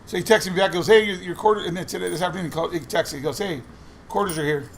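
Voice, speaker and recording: A man's voice: high-pitched, racing, a little hiss or hum. A man casually telling a rambling anecdote while sorting coins, quoting other people's lines as he goes. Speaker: coin roll hunting vlogger. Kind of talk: casual storytelling while searching coin rolls.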